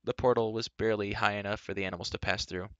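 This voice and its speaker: A man reads a novel aloud at a steady, measured pace. His voice is on the low side, and the recording is dry and somewhat dull. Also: smooth, dry recording. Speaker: reader.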